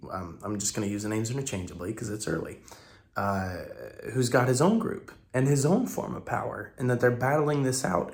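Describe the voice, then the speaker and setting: Tired guy, gravelly morning voice, rambling thoughtful video analysis with lots of ums. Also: medium pitch. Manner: thoughtful, halting, with many fillers and restarts. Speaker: reaction video host.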